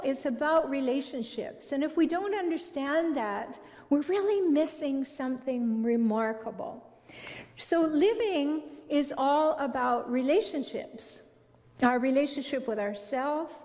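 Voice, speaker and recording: A middle-aged woman giving a spiritual talk on relationships to an audience, telling stories with gentle emphasis. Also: fairly high pitch. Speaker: relationship speaker. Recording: long hall reverb.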